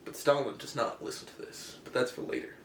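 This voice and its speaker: A man's voice: medium pitch, fairly even intonation, a little fast, creaky, reverberant, slight background noise. A man giving a casual comedic explainer with pirate slang, rambling and correcting himself offhandedly. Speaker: comic history explainer.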